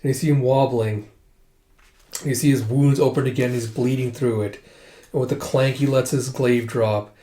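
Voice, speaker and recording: A man casually retelling a comic chapter, lively and quick to react. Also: mid-range voice, reverberant.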